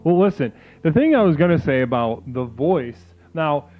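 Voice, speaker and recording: A man's voice: on the high side, big pitch swings, moderate pace. A man hosting an improvised comedy call-in stream, rambling and swearing, often restarting his sentences. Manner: rambling, profane, full of restarts. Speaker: call-in show host. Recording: tinny phone-like sound with music behind.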